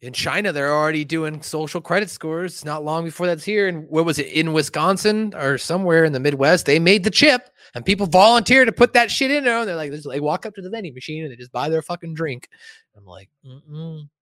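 A man's voice: fairly high pitch, fairly quick, no room sound. A man hosting a casual podcast, retelling a film with profanity and acted-out character lines. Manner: animated, profane, acts out characters while laughing. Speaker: podcast host.

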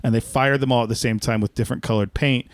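A man co-hosts a casual movie-review podcast, offering trivia and wry opinions and often restarting his sentences. His voice sits at a middle pitch. The recording is dry and close. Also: steady tone, fast talker, no room sound. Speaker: podcast co-host.

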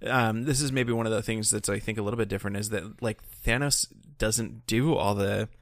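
A man's voice: fairly low pitch, steady tone, a little fast, no room sound. A man co-hosting a podcast in casual chat, rambling with many fillers and restarts. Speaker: podcast co-host.

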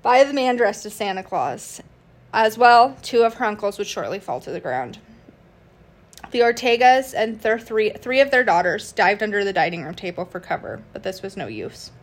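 A woman's voice: medium pitch, expressive, normal speed. Casual woman narrating true crime. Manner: casual, reads from notes with fillers and restarts. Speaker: podcast host.

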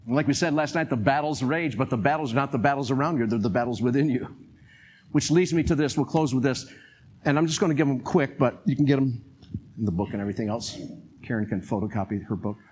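An older man preaching a sermon in an animated way, acting out quotes and chuckling as he talks. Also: mid-range voice, fast talker, slightly rough.

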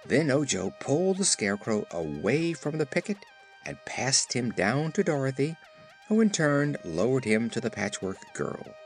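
Expressive male narrator for a children's story, lively pitch. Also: normal speed, faint music behind. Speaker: audiobook narrator. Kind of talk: scripted narration.

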